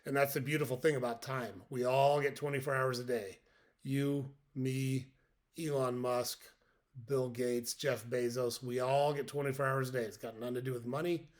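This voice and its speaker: A man's voice: mid-range voice, flat delivery, normal speed. A man in his fifties hosts a podcast and speaks straight to his listeners in an earnest, direct manner. He drives his points home by repeating them. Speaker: podcast host. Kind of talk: motivational monologue.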